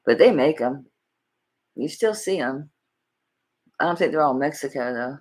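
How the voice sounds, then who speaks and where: Casting: middle-aged Southern woman, low husky voice, folksy live-stream jewelry seller. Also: expressive, normal speed, darkish tone. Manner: folksy, chatty, talks to viewers by name. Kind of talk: live-stream sales chat.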